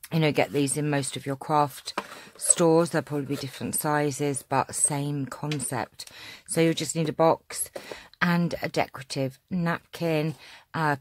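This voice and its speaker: A woman from England hosting a casual craft tutorial, chatty and homely, slightly hoarse and often clearing her throat. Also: deep voice. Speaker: craft channel host.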